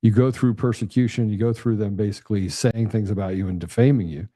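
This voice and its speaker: A man hosting a talk, speaking earnestly and haltingly, with frequent restarts. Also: on the low side, steady tone, warm tone, no room sound, studio quality. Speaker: host. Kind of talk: casual interview chat.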